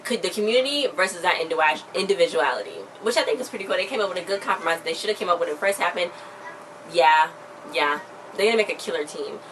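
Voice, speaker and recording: A young woman recapping a TV episode in a casual, excitable, slangy way, often acting out the characters' lines. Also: lowish voice, fast talker. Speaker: vlogger reviewing a TV episode. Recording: a bit distant from the mic, faint background noise.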